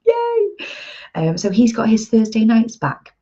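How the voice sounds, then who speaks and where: A woman's voice: a little high, moderate pace, mellow, husky, muffled recording. A woman in her thirties, an empowerment coach, giving an earnest, chatty motivational talk to her viewers.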